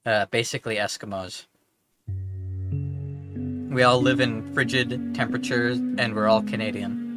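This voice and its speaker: Young male streamer from Minnesota, loose and profane, mid-range voice over loud background music. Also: mid-range voice, fairly even intonation, a little slow. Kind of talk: casual chat while gaming.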